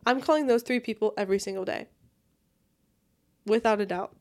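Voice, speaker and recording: A woman's voice: mid-range voice, brisk. A young woman hosting a solo podcast, chatting in a bubbly, rambling and casual way while lying in bed at home. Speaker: podcast host.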